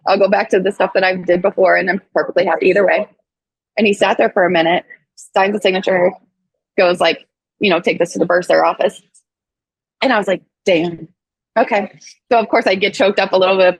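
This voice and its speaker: A woman in her thirties from Missouri, a podcast guest telling a personal story in a casual, animated way, full of "like" and acted-out quotes. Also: on the low side, slightly rough, no echo, rough recording. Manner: animated, acts out quoted voices, frequent "like".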